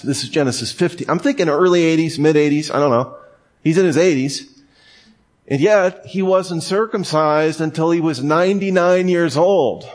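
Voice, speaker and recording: Man preaching a conversational sermon. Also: fairly high pitch. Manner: conversational, joking asides. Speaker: pastor.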